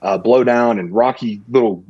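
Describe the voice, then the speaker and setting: Guy telling a story, husky voice, a bit muffled, does the other people's voices. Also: mid-range voice, moderate pace, dry recording. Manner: animated, acts out other people's lines in a raised voice. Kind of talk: casual storytelling.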